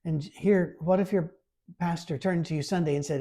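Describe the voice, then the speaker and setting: A male pastor giving a sermon in an easy, conversational way. His voice is warm and a little husky, and he leans into scripture readings with extra emphasis. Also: on the high side, fast. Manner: informal and lively, reads scripture aloud with emphasis.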